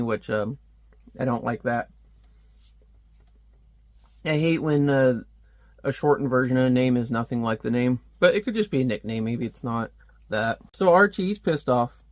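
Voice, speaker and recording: A man's voice: medium pitch, no echo. A man reviewing a comic book in casual, rambling commentary, with lots of offhand fillers.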